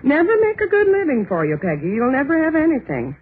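Nagging middle-aged mom, voice swinging up and down, thin old radio sound. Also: female voice, sits high, wildly swooping pitch, quick pace. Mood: scolding. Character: stern disapproving mother, nagging and warning. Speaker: mother. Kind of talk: 1930s radio acting. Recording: tinny old radio recording with faint hiss.

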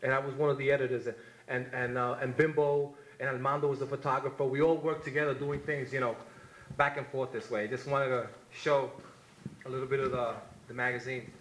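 A man's voice: medium pitch, flat delivery, a little fast, a bit bright, roomy sound, slight background noise, rough recording. A man giving an impassioned tribute at a community gathering, repeating himself and reading his own poem. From New York. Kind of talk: spoken memorial remarks and poetry reading.

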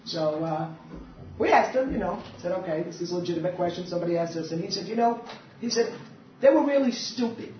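A woman's voice: fairly low pitch, quick pace. A woman activist speaking bluntly and defiantly at a public meeting, telling stories with animation. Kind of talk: impassioned live talk. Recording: echoey hall, distant mic, dull sound, faint hiss.

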